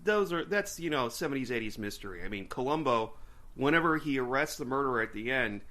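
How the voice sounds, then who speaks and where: A man co-hosting a podcast in casual chat, rambling and animated, often slipping into silly put-on voices. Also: mid-range voice, a little fast. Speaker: podcast co-host.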